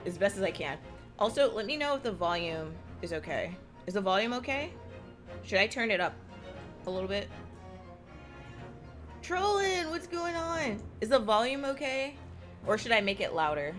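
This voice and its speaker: Hyped up woman streamer rambling to chat, lots of likes and ums, swears when excited, jazzy game music going behind her. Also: mid-range voice. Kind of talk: casual chat with a live stream audience.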